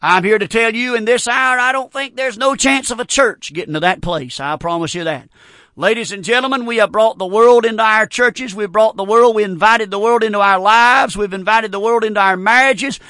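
A man's voice: sits high, brisk, sharp tone, dry recording, studio quality. A middle-aged man preaching a fervent radio sermon, repeating phrases in a folksy, plainspoken way.

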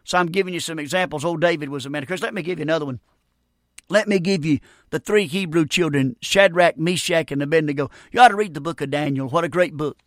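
A preacher with a high, ringing voice delivers a folksy, emphatic sermon. He keeps calling out to the congregation, and the sound is close and dry with no room around it. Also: fast talker, no room sound. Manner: folksy, emphatic, calls out "Amen" and "friend". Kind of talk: revival sermon.

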